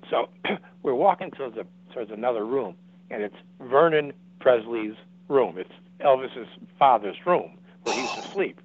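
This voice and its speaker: Over a dry, tinny phone-like line with no room sound, a guest in his seventies spins casual stories. His medium-pitched voice is animated and slightly rough at a moderate pace. He rambles, restarts often and acts out quotes.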